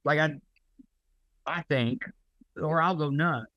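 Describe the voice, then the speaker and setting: A man's voice: a little high, takes it slowly, sharp tone, no room sound. Ranting profane man, dry dull sound. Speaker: podcast co-host. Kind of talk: casual chat.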